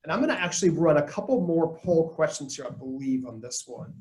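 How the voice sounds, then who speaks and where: A man presenting a live leadership webinar, coaching his audience in an energetic tone and acting out the lines he quotes. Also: on the high side, brisk, reverberant, rough recording. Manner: energetic, coaching tone, quotes people in put-on voices.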